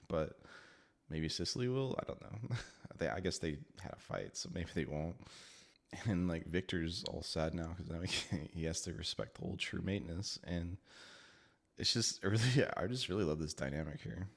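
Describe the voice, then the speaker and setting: A man's voice: low-pitched, moderate pace, gravelly. A man casually reviewing a book, chatty and laughing often as he talks.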